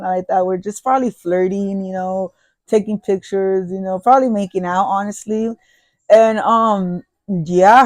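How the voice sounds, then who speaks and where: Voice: mid-range voice, a little mellow, no echo. A podcast host telling a personal story casually, swearing often and rambling with restarts.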